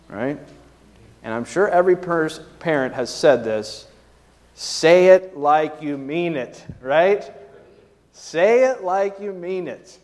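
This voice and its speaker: A man's voice: medium pitch, long reverb tail. A man preaching a sermon as pastor, in a conversational way with frequent tag questions and fillers.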